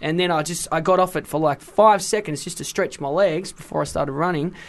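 A man hosting a casual radio show, chatting and telling animated stories to his co-host. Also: a little high, a little fast.

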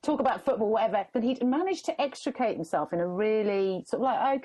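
A woman's voice: fairly high pitch, lively intonation, fairly quick, hardly any pauses, mellow, husky. A woman, a comedian, chatting candidly and wryly on a podcast. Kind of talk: casual podcast chat.

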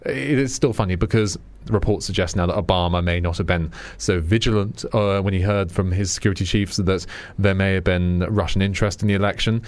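A British man with a low voice hosts a political radio show, delivering a chatty, wry monologue on current affairs full of fillers and restarts. The recording is dry.

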